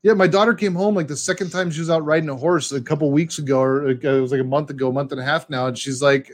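A man in his forties with a slightly higher-pitched voice co-hosts a casual podcast. He tells brisk stories and acts out the people in them. He grew up in Southern California. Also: fairly even intonation. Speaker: podcast co-host. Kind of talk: casual anecdotal chat.

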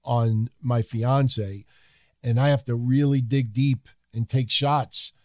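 Podcast dude reading off names, chill and level, mid voice, really dry mic. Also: male voice, medium pitch, no echo. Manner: calm, measured, occasionally swearing. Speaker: co-host. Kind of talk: casual podcast chat.

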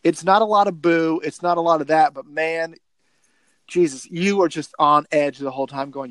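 A man talking enthusiastically about a film, in a halting way. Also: on the high side, dry recording. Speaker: film podcast co-host. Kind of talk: casual movie discussion.

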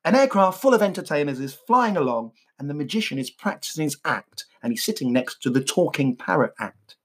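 A man's voice: on the high side, very animated, fairly quick, breathy edge. A man co-hosting a comedy podcast, telling jokes in a playful, self-mocking way. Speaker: podcast co-host.

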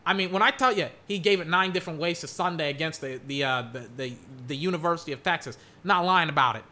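A young man chatting about football while watching game clips, rambling and excitable, breaking into mock play-by-play calls. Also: on the high side, fast.

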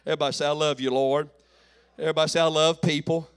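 A pastor in his late forties preaching a folksy call-and-response sermon that builds to shouts. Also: on the high side, flat delivery, quick pace, smooth. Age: 40s.

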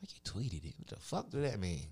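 A man telling a long profane story in casual chat, animated and mimicking other people's voices. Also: low-pitched, a little fast, breathy edge.

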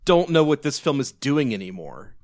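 A male podcast co-host rambles casually about movies, restarting often and swearing now and then. His mid-range, slightly mellow voice swings widely in pitch at a moderate pace, captured in a dry, close recording.

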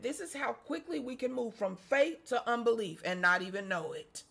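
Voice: mid-range voice, very animated, normal speed, gravelly, few pauses, a bit bright, breathy edge. A preacher giving a sermon, reading scripture aloud and repeating phrases and rhetorical questions to the congregation.

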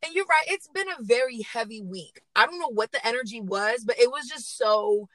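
A woman hosting a casual podcast interview, lively and slangy, laughing often. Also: on the high side, moderate pace, no echo, low-quality recording. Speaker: podcast host and baker.

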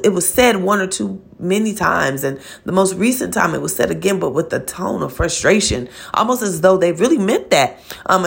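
A woman's voice: low voice, gravelly. A woman hosting a faith-based motivational podcast, speaking earnestly and directly to listeners, often checking in with "okay?" and repeating words as she searches for phrasing. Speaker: podcast host.

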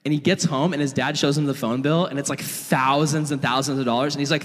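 A young man preaching a storytelling sermon as a youth pastor, animated and casual with frequent laughs. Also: mid-range voice, fast talker. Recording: long hall reverb.

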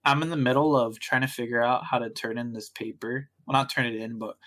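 Young male co-host, dry teasing banter, mid pitch. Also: steady tone, a little fast, fairly bright tone. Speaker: podcast co-host. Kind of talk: casual chat.

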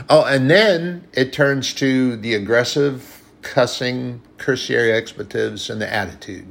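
A man's voice: medium pitch, unhurried, gravelly, hardly any pauses, fairly bright tone. A man preaching a sermon in an earnest, conversational way, often restarting his sentences.

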